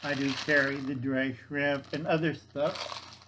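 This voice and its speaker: Older male vlogger, slow and folksy, casual show-and-tell, faint background hiss. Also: medium pitch, flat delivery. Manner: folksy, talks to viewers as kids.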